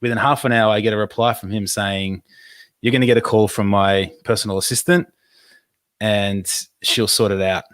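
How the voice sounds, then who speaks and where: An Australian man with a lowish voice tells stories in easy podcast chat, animated and quick to laugh. The sound is dry and close to the mic, with no room around it. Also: clear, resonant tone, no room sound. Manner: animated anecdote-telling, laughs often. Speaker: podcast co-host. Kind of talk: casual storytelling chat.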